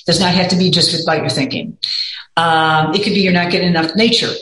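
A woman's voice: fairly low pitch, fairly even intonation, fast talker, a bit bright, slight background noise. A middle-aged woman talking as an interview guest in a candid, rambling way, often saying "you know". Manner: rambling, candid, peppered with 'you know'. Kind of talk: casual interview chat. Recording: echoey room.

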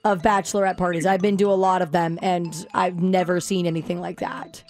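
A woman's voice: lowish voice, flat delivery, soft background music. A woman co-hosting a morning radio show, joking and reacting to the host's stories. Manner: laughs often and reacts quickly. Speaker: radio co-host. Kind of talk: casual radio banter.

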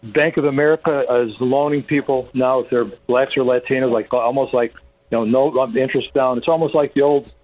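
A man's voice: mid-range voice, steady tone, brisk, no room sound. A chatty man in his sixties rambles on while calling in to a radio show and chuckles now and then. His voice sits in a middle register. It sounds dull and muffled, as if over a phone line. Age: 60s. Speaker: caller.

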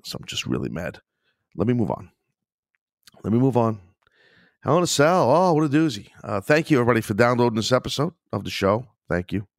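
A man's voice: medium pitch, lively intonation, brisk, no echo, clean studio sound. A man hosting his own podcast, talking in a frustrated, agitated way, swearing and sighing often. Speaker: podcast host. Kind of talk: casual solo podcast rant.

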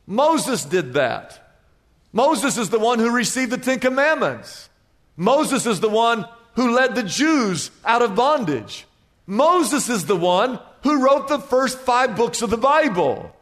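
A man's voice: very high voice, animated, unhurried, a bit bright. A man preaching a sermon as pastor, telling humorous stories and calling for amens from the congregation. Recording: long hall reverb.

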